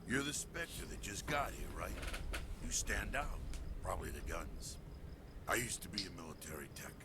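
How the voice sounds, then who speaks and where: Deep-voiced sardonic ex-military tech. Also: male voice, sing-song, normal speed. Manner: dry, grumbling about corporate types. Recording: loud noise behind game audio.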